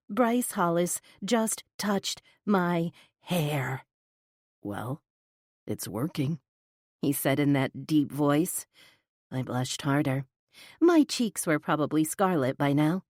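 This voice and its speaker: A woman narrating a first-person romance audiobook with an expressive, flustered inner voice, close to the mic. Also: fairly low pitch, dry recording.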